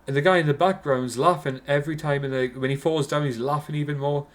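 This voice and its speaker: A man's voice: fairly high pitch, steady tone, quick pace. Geordie guy ranting about a film, swears every other word, keeps losing his thread. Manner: swears constantly, rambling with restarts. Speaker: film reviewer. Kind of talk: casual rambling film review.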